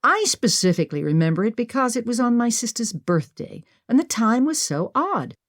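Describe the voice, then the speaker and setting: A woman's voice: fairly high pitch, sing-song, normal speed, dry recording, studio quality, voice pushed up. A woman narrator voicing a bold, pushy young woman who talks insistently. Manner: insistent, bossy.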